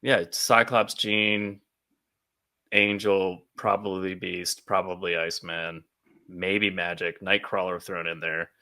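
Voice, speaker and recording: A man co-hosting a casual comic book podcast, animated and laughing often as he acts out scenes. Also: low-pitched, takes it slowly. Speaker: podcast co-host.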